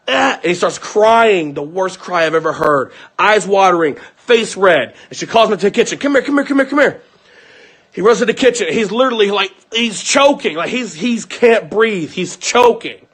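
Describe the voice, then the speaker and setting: Husky-voiced young man ranting heatedly. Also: high voice, fairly bright tone. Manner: heated and profane, with rapid bursts. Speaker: streamer venting to his viewers. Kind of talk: angry unscripted rant.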